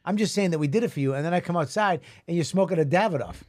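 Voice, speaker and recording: A man's voice: on the high side, racing, darkish tone. A man co-hosting a comedy podcast, needling his partner with profane, teasing banter. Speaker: podcast co-host. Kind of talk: casual comedic chat.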